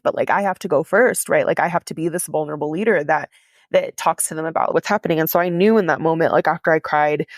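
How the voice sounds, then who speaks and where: Her voice sits low as this woman, a podcast host, opens up about something personal, candid and confessional and peppered with "like." The recording is dry and studio quality.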